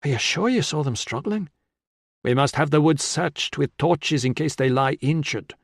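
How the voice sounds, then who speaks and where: A man's voice: on the high side, lively intonation, normal speed, gravelly, no echo, clean studio sound, voice pushed up. A man voicing an anxious, apologetic, formal injured man with a skinny frame. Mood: pained.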